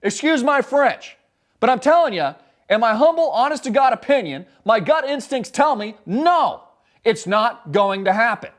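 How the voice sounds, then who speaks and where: A fired-up man ranting on his live commentary show, his voice sitting high and leaping all over the place. He talks bluntly and swears without holding back. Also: animated, normal speed. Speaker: show host.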